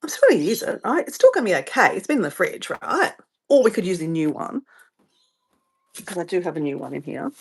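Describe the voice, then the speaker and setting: Australian woman, casual livestream host, rambling and sidetracked, lively pitch, at home. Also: brisk, vocal fry, breathy edge. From Southeast Queensland, Australia. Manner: rambling, chatty, easily sidetracked. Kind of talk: casual live-stream chat.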